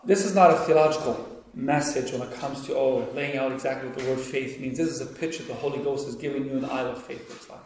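A man preaching a sermon who swings between hushed, quiet pleading and loud, excited storytelling. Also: mid-range voice, fast. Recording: very echoey room, faint noise.

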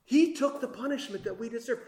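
High-voiced impassioned male preacher, echoey room. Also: fairly quick. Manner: impassioned, swings between loud emphasis and hushed asides. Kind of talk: sermon.

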